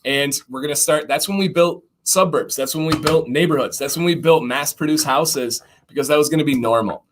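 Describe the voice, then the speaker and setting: A middle-aged man from Michigan hosting a casual livestream chat, animated and reading viewer comments aloud. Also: fairly high pitch, a little fast, hardly any pauses, noisy background. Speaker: livestream host.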